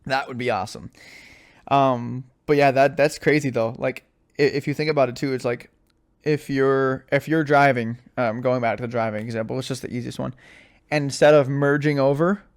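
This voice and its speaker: An animated young man tells stories on his casual solo podcast, using a mid-range voice at a normal pace. He talks in slang and says "like" and "dude" a lot.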